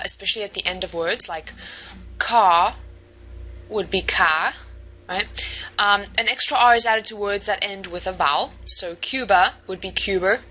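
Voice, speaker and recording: A woman's voice: medium pitch, pushed and bright, low-quality recording. A woman instructor giving a recorded online lecture, explaining step by step with frequent ums and restarts. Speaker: university instructor.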